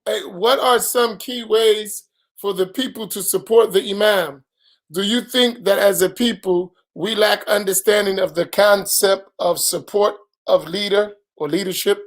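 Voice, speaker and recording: A man with a notably high voice hosting a casual interview. He adds brief remarks and puts probing questions to his guest. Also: a little slow. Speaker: host.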